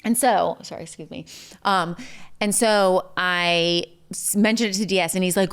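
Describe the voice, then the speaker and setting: A woman's voice: mid-range voice, fairly quick, clean tone. A young woman telling a story as a podcast guest, chatty, full of "like" and "um", acting out what others said. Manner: chatty, lots of "like" and "um", acts out quotes. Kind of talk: casual storytelling interview.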